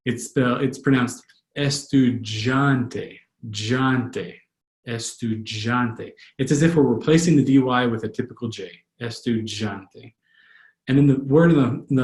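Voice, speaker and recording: Patient man tutoring pronunciation, echoey room. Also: mid-range voice. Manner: slow, repeats words carefully for learners. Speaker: language tutor. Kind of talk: pronunciation lesson.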